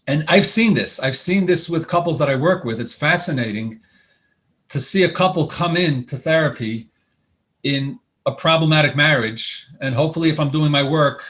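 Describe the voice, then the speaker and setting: A man's voice: on the high side, fairly bright tone. A man who is a couples therapist, giving a conversational lecture on marriage and often restarting and repeating words. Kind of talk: lecture presentation. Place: lecture hall.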